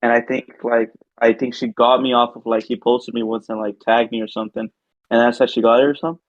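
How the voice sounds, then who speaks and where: Young dude rambling thru a story, lots of "like" and "right", dry dull mic. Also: male voice, medium pitch, little pitch movement, fast, no echo. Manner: rambling, filler-heavy storytelling. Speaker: podcast co-host. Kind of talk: casual storytelling chat. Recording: dull lo-fi sound.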